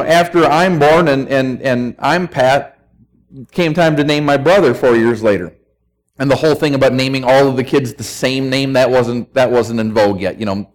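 A middle-aged male pastor preaching a sermon, telling folksy stories and hammering points with emphatic repetition. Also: a little high.

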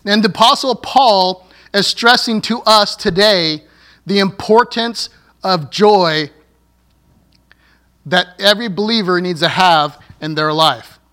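A man's voice: high-pitched, slow, bright, forceful tone. A male pastor preaching a sermon, with joking asides and laughing at his own slips.

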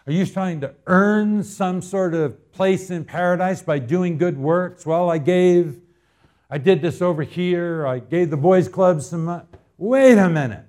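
A man from Arizona preaching in a church, his voice sitting a little high for a man. He moves from homespun storytelling into loud, emphatic appeals to the congregation. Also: unhurried. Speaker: pastor. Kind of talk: sermon.

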